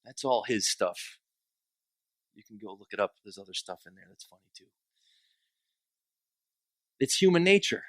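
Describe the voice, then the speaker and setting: A man's voice: fairly low pitch, fairly quick, no room sound. A man preaching a sermon in a conversational, joking way, acting out quoted complaints. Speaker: pastor.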